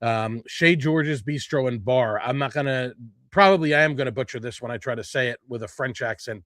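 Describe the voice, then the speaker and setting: A man of middle pitch chats through a food event update in a loose, unscripted way. He fills the gaps with ums and corrects himself as he goes. The sound is dry and close, with no room around it. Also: brisk, a bit bright, no echo. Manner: rambling, filler-heavy, self-correcting. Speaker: food blogger host. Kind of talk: casual update to followers. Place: his home.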